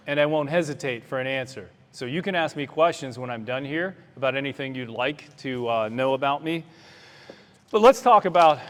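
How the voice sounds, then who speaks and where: A man's voice: mid-range voice, a bit bright. A man, a doctor running for office, giving an earnest, plainspoken campaign speech to a crowd in a meeting hall. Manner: earnest, plainspoken, fiery at times. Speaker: doctor and political candidate. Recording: long hall reverb.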